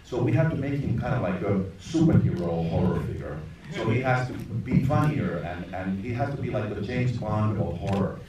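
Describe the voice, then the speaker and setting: A man's voice: lowish voice, normal speed, a crowd in the background. Man telling stories in an echoey hall. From Finland. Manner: animated storyteller, laughing often. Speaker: film director at a screening Q&A. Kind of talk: live anecdote on stage. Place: large echoey cinema hall. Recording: distant, echoey theater recording with noise.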